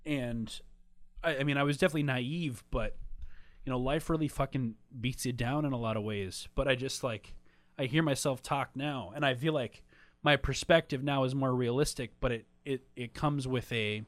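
A man's voice: mid-range voice, moderate pace, no room sound. Candid, swearing man in dry close audio. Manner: emotional, swears often, trails off with fillers. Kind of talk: casual candid conversation.

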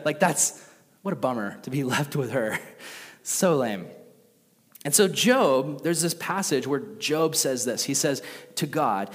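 A male pastor preaching in a casual, animated way, full of slang, reading scripture with rising intensity. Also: medium pitch, a little slow, long reverb tail. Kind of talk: casual sermon.

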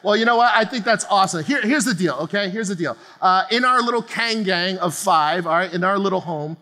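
A pastor from New Jersey, a man in his forties, preaching a lively sermon to a congregation in a casual, joking way and tagging "okay?" onto nearly every phrase. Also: high voice. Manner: chatty, keeps adding "okay?", quick laughs. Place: large church auditorium. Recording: long hall reverb of a church auditorium.

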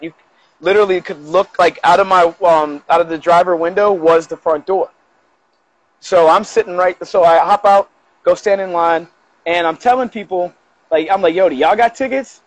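A man with a notably high speaking voice spins a long tale in a casual podcast chat. He's animated and loose, jumping into other people's lines to act them out. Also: low-quality recording. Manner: animated, acts out quoted dialogue with profanity. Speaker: guest. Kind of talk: casual storytelling in a podcast interview.

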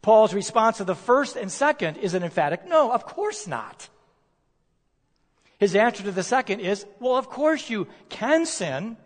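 High-voiced man preaching in a reverberant hall. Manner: emphatic, rhetorical questions, slows for stress. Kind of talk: sermon. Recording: long reverb of a large hall.

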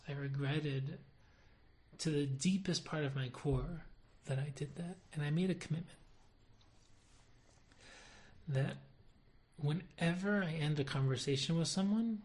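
A deep-voiced woman, a Torah teacher, gives a religious lesson built on storytelling, opening with stories she tells in an animated way. She chuckles at her own jokes, and her delivery shifts between lively and soft, thoughtful moments.

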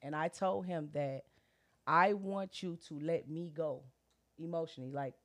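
A middle-aged woman casually telling a personal story, animated, full of slang and acted-out quotes. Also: low-pitched, unhurried. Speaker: guest sharing her story. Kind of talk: candid casual chat.

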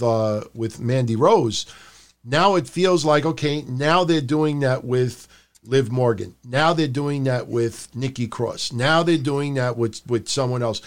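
A man co-hosting a podcast, chatting casually about wrestling and mocking promos in put-on voices. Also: medium pitch. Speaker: podcast co-host.

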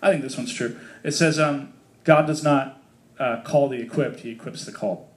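A man's voice: medium pitch, fairly even intonation, normal speed. A man leading a casual Bible study for a small group, reading scripture aloud and explaining it in a chatty, joking way with many fillers.

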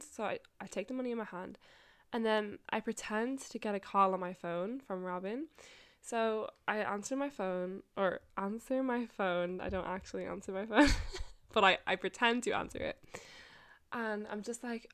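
A woman's voice: mid-range voice, moderate pace. Chatty young woman telling a story. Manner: chatty and animated, swearing, laughing often, many "like"s. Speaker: podcast host. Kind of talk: casual storytelling monologue.

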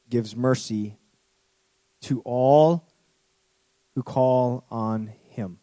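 A man's voice: medium pitch, dry recording. Man preaching in a dry room. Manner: storytelling, swings between urgent and hushed. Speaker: pastor. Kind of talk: sermon.

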